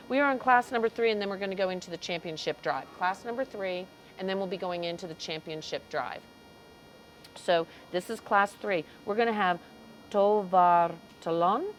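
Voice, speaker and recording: A woman's voice: medium pitch, a little hiss or hum, poor audio. A woman commentating a cattle show livestream in an arena, chatting, greeting viewers and stumbling over names. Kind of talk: live commentary.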